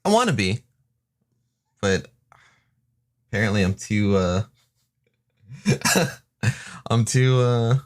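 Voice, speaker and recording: A man's voice: lowish voice, big pitch swings, slow pace, long pauses. A man streaming live while recording a song, chatting casually in a rambling, self-deprecating way that often trails off mid-sentence.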